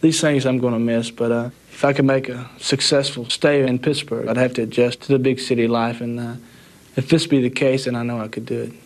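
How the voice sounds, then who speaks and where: A young man from the American South in his twenties answers an interviewer in an easygoing, halting manner, his pitch sitting in a middle range. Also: little pitch movement, a little mellow. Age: 20s. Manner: easygoing, halting talk with fillers. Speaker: interviewee in archive footage. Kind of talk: old news interview.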